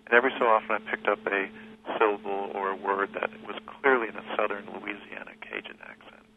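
A man, a guest who teaches history, talking reflectively in an interview, pausing and restarting his sentences often. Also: lowish voice, little pitch movement, vocal fry. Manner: thoughtful, halting with many restarts and fillers. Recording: tinny phone line with faint hiss.

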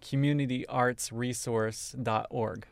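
A man's voice: medium pitch, steady tone, unhurried, creaky. A man who directs a community band, talking in a casual radio interview with many fillers. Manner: friendly, many "um" fillers, informative.

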